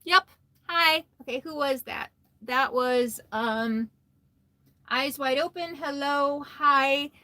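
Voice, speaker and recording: A woman hosts a casual livestream, talking into a phone held close from inside her RV. Her voice sits a little high and sounds bright and forward, with a dry, close sound. She comes across tired but chatty, greeting viewers by name and laughing often. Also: slow, no room sound. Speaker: RV vlogger hosting a livestream. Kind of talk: casual live stream chat.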